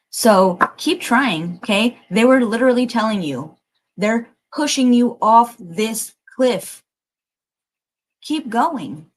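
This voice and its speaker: A woman's voice: mid-range voice, a little slow, rough recording. A woman giving a livestreamed collective tarot reading, emotional and emphatic, urging listeners on and swearing casually. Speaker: tarot reader.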